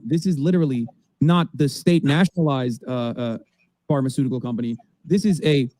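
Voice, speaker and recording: A high-pitched man rants sarcastically as he comments on a video during a livestream. His voice is close and dry, with no room sound. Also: darkish tone, dry recording. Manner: ranting, sarcastic. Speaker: co-host.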